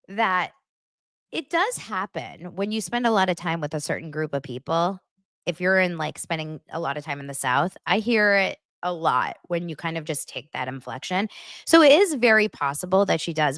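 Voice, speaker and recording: Woman livestream host, lively swooping voice, gossipy chatter, dry close sound. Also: lowish voice, no room sound. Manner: chatty and gushing, full of fillers and asides. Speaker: host of a pop-culture livestream show. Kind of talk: casual chat to a live audience.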